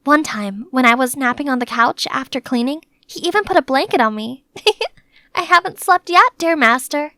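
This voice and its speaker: High, bright, chatty young woman narrator. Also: normal speed, no echo. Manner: chatty, animated, playfully dramatic. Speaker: narrator and maid character. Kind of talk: scripted first-person story narration.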